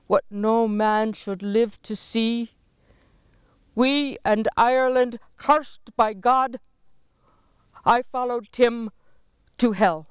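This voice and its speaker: Slow, resonant woman reciting a poem. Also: a little high, steady tone, smooth, dry recording. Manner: solemn, deliberate recitation. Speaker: poet reading her own work. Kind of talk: poetry reading.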